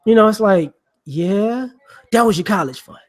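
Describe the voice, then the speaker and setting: High-voiced man rambling in slangy commentary. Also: expressive. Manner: rambling, slangy, digressive, with repeated "you know"; acts out people he mocks with quick voices. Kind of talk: casual monologue commentary.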